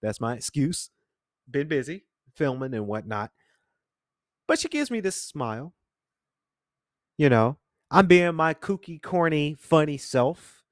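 A man's voice: on the high side, sing-song, unhurried, long pauses, no echo. A young man hosting a podcast, telling a rambling, jokey story full of slang. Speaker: podcast host. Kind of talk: casual storytelling monologue. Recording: dry close studio mic.

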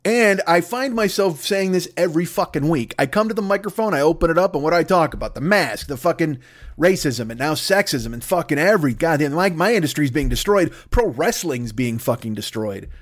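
A man's voice: a little high, animated, fairly quick. A man hosting a podcast, delivering a profane, comedic rant monologue. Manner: profane, ranting, swears constantly. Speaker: podcast host.

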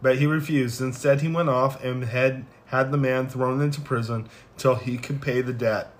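A man reading scripture passages aloud in plain, unhurried reading with small stumbles, then closing in prayer. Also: mid-range voice, steady tone. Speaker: scripture reader.

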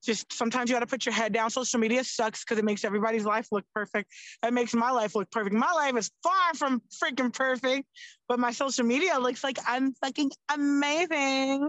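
A woman's voice: fairly high pitch, quick pace, a bit bright, no echo, rough recording. A young woman, a podcast guest, chatting casually and animatedly, with lots of "like" and free swearing. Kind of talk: casual chat.

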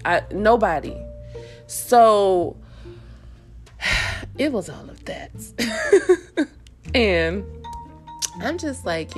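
A woman speaking casually to her viewers about her own life, emphatic and preachy, with repeated phrases, informal grammar and bursts of laughter. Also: mid-range voice. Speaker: vlogger sharing her personal story. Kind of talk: casual monologue to camera.

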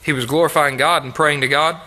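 A man preaching a sermon, reading King James scripture aloud and repeating key phrases for emphasis, sometimes dropping to a soft, low voice. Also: steady tone, brisk. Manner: reads King James verses then comments with emphatic repetition; drops to soft, low tones in tender appeals.

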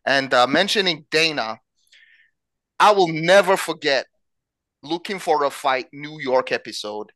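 A man's voice: on the high side, expressive, measured pace, pauses often, bright, forceful tone, no room sound. A man interviewing a guest on a podcast, eager and deferential like a fan.

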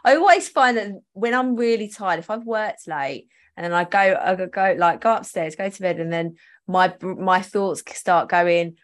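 A woman's voice: fairly low pitch, normal speed. A woman hosting a podcast, chatting casually, laughing often and trailing off mid-sentence. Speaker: podcast host.

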